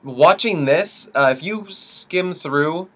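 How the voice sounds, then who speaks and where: A man's voice: a little high, takes it slowly, fairly bright tone, breathy edge. A young man co-hosting a podcast, chatting casually, joking and swearing as he riffs. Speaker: podcast co-host. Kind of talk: casual chat.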